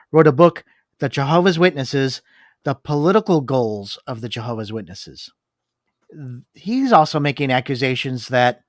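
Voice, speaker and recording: A man's voice: medium pitch, fairly bright tone, no room sound, clean studio sound. A man co-hosting a discussion, reading long book passages aloud and commenting on them. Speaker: podcast co-host.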